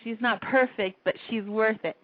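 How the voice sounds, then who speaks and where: A woman's voice: a little high, fairly even intonation, moderate pace, no room sound. A woman hosting a casual call-in internet radio show, chatty and rambling, laughing often. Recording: tinny phone-line sound.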